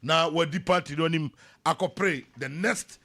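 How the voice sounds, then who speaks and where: Ghanaian male radio host, slightly high voice, animated casual delivery. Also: normal speed, creaky. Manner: animated, switching between Twi and English, reads messages aloud. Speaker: radio morning show host. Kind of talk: casual radio chat and news reading. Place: radio studio.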